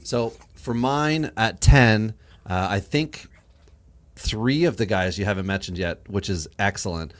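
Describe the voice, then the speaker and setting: Low-voiced man with dry quips. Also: unhurried. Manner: dry quips and orderly recaps. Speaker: podcast host. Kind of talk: casual sports podcast chat.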